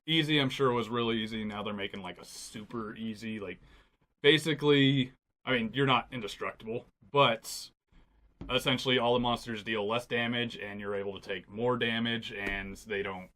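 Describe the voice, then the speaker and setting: A man co-hosting a casual gaming podcast, laughing easily and talking in halting, filler-heavy phrases. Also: medium pitch, fairly even intonation, fairly bright tone. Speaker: podcast co-host.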